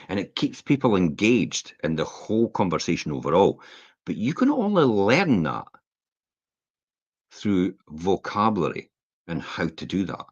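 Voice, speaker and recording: A man co-hosting a casual podcast chat, talking in an emphatic, animated coaching manner. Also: low voice, moderate pace, dry recording, lo-fi sound. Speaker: co-host.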